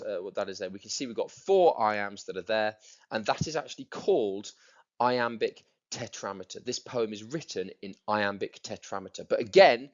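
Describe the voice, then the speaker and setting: The audio is dull as a low-voiced male teacher records a lesson on a poem. He explains it by repeating key words and tapping out their rhythms.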